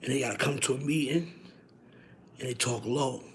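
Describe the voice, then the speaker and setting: A hoarse, sick man chatting casually and slangily on a phone live stream, tagging his lines with "you heard?". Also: medium pitch, steady tone, normal speed, pauses often, slight background noise.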